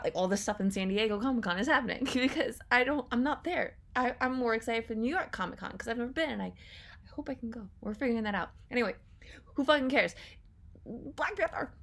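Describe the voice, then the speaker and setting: A woman's voice: a little high, fairly bright tone. A young woman hosting a casual reaction vlog, gushing and swearing freely, often dropping to a whisper. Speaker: YouTube reaction host.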